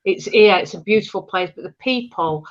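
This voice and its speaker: A woman's voice: mid-range voice, moderate pace, dull audio. A woman singer with an English accent, chatting in an interview and laughing often. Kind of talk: casual interview chat.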